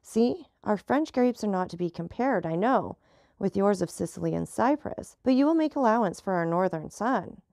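A woman's voice: mid-range voice, expressive, moderate pace, vocal fry, a little mellow, no echo, studio quality. A woman reading as a sorrowful, pleading countess. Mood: plaintive. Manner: plaintive, pleading.

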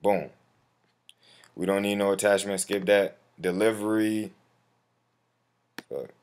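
A man's voice: fairly low pitch, fairly even intonation, slow pace, darkish tone, slight background noise. A man talking casually through a step-by-step online form, calling the viewer bro and swearing now and then, with typing and clicks behind him. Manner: slangy, addresses viewer as bro; profane when flustered. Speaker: tutorial host. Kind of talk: casual screen-recorded walkthrough. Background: keyboard typing and mouse clicks.

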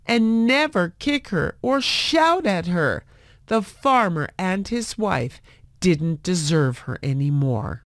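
A woman narrating a fairy tale with a slow, clear and expressive delivery, her pitch lowish but moving widely through each sentence. She speaks very slowly, and the sound is dry and close, with no room around it. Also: no room sound. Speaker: storyteller. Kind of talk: scripted story narration for English learners.

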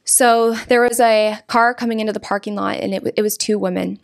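A woman's voice: medium pitch, fairly even intonation, fairly quick, gravelly, dry recording, studio quality. A young woman guest from California, speaking earnestly in conversation, often restarting and repeating her words. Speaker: interview guest.

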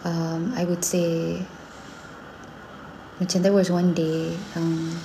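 A Malaysian woman in her thirties chats casually in a low, warm, mellow voice. She tells lively stories and slips between English and Malay mid-sentence. A faint hiss sits behind her. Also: slow pace, vocal fry. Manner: animated storytelling, acting out her son's lines. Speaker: singer and mother. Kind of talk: casual chat.

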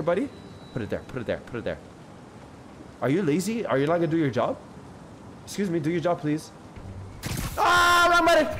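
A man streaming a video game, chatting excitedly and joking with his viewers. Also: on the high side, background noise. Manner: excitable, jokey, talks to chat. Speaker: gaming streamer. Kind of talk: live gameplay commentary. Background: game music.

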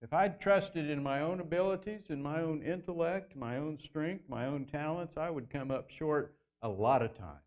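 A man's voice: a little mellow, lo-fi sound. Earnest male pastor preaching. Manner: earnest preaching, slows and lifts pitch for emphasis. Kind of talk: sermon. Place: church sanctuary.

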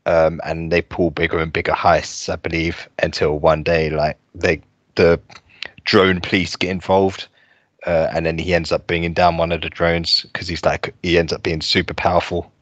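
Deep young male co-host, rambling casual chat, dry muffled recording. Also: level tone, normal speed, a bit bright, no room sound. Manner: rambling, laughing, full of fillers. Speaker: podcast co-host.

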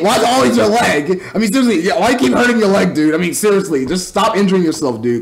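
A man's voice: high voice, animated, fairly quick, creaky, hardly any pauses. A man casually recapping and reviewing a movie, rambling with stumbling restarts and mocking asides. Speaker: film reviewer.

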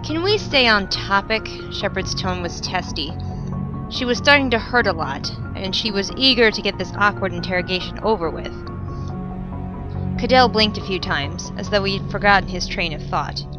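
A woman reading her own fan fiction aloud in a calm, even storytelling voice. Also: mid-range voice, moderate pace, low-quality recording. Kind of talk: narrated audiobook-style reading. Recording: music playing behind the voice. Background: background music.

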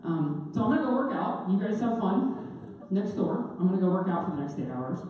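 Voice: mid-range voice, very animated, fairly quick, dull audio. A speaker thanking the previous speaker with informal, self-joking remarks to an audience. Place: large hall. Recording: echoey hall, distant mic.

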